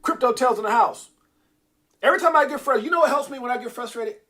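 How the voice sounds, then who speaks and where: High-voiced animated man ranting live. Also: fast. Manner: animated, digressive, talks back to the chat. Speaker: crypto livestream host. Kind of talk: casual livestream rant.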